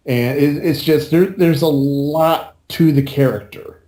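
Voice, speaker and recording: This co-host of a podcast rambles through a casual conversation, cursing freely and laughing a lot. His voice sits on the high side, warm and unhurried, with a roomy echo around it.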